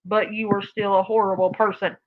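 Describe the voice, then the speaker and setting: A woman's voice: medium pitch, flat delivery, a little fast, narrow, tinny audio. A woman hosting a reaction video, commenting casually with sarcasm. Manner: sarcastic, laughing.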